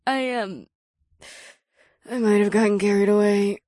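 A woman's voice: medium pitch, fairly even intonation, a little slow, dark tone, dry recording, clean studio sound, natural voice. A woman voicing a tipsy, cheerful young witch who slurs her words. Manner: slurred, hiccupy speech. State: drunk.

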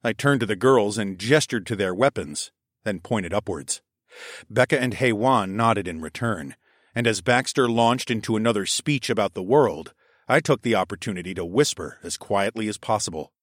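A man narrating a first-person story in a wry tone, dropping to a hush on the narration tags. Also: fairly low pitch, expressive, moderate pace, no room sound, clean studio sound. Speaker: audiobook narrator.

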